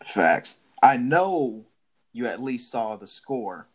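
Casual sports podcast co-host: young man, mid-pitched, excitable, laughs easily. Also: slow. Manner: excitable, laughs often, many restarts.

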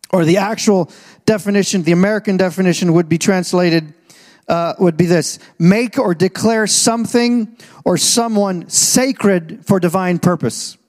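A male pastor preaching a sermon, emphatic, slowing right down to stress key phrases and swinging from low and measured to loud and rising. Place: church auditorium. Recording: long reverb in a large hall.

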